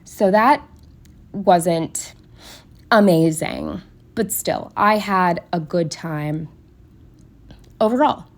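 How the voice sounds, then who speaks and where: Casual vlogger, young woman, stuffy nose, slight lisp, a bit low-pitched, rambling and candid. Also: extremely slow, pauses often. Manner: rambling and candid, lots of fillers and asides. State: congested. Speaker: planner vlogger. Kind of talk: casual chatty voice-over.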